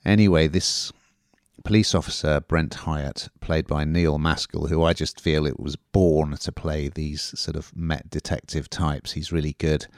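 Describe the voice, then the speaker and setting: A man's voice: a bass voice, fairly even intonation, a little slow, no echo, studio quality. A man hosting a podcast, reviewing a TV drama in a chatty, rambling way. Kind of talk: casual review chat.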